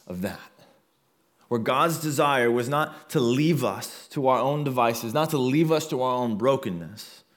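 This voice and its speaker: A man preaching a sermon as a pastor, earnest and building intensity through repeated phrases. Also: medium pitch.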